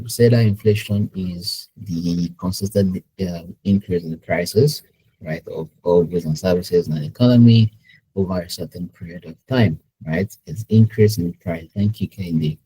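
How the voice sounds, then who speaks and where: A man leads an online class in a low, mellow voice. His tone is very husky and breathy, and he talks through points loosely, checking in with "right?" as he goes. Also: moderate pace, rough recording. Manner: conversational, asks the audience questions and tags lines with "right?". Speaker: webinar presenter, business intelligence specialist. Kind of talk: live online teaching webinar.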